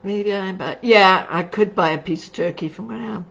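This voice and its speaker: A middle-aged woman does a casual livestream tarot reading, chatty and affectionate, calling her viewers darling. Her mid-range voice is gravelly and a bit bright at a normal pace, on a dull lo-fi recording with faint noise.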